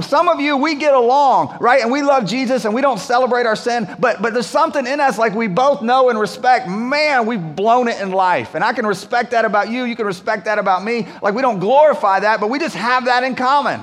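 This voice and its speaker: In a church hall thick with long reverb, a pastor delivers his sermon in an extremely high, slightly bright voice. He keeps it conversational, repeats himself, and keeps checking in with "right?"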